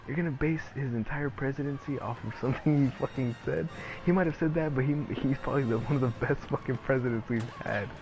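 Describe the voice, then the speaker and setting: A man's voice: medium pitch, quick pace. A man giving casual gameplay commentary, ranting in a rambling, profane way and packing his talk with filler words. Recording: noisy background.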